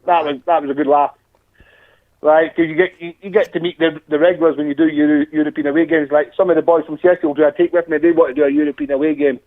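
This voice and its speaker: A Glaswegian man talks in a high register, rambling and restarting as he laughs through his stories. His voice comes through a narrow, phone-like line with no room sound around it. The chat is loose and casual. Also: level tone, fast talker, no echo. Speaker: guest fan.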